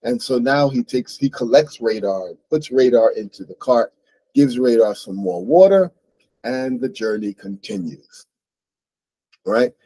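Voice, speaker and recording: American man explaining a story, mellow voice. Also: mid-range voice, animated, measured pace, husky, no echo, rough recording. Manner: patient, explanatory, often checks in with "right?". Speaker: host and English teacher. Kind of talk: reading a novel aloud and explaining it to learners.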